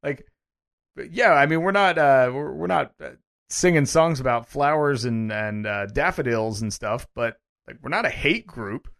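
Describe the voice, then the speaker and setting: A young man of ordinary pitch co-hosting a podcast, joking and wry. He chats loosely with his co-host and runs through show plugs at a brisk clip. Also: expressive, vocal fry, fairly bright tone. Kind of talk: casual podcast banter.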